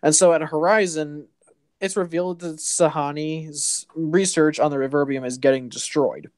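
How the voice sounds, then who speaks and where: A man hosting a casual comic book recap, rambling along with halting restarts and fillers. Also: a little high, fairly even intonation, darkish tone, smooth, no room sound, clean studio sound. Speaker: host.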